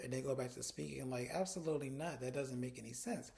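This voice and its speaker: Animated, swearing man recapping reality TV. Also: medium pitch, quick pace, creaky. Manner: animated, profane, quotes people in exaggerated voices. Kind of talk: casual recap commentary.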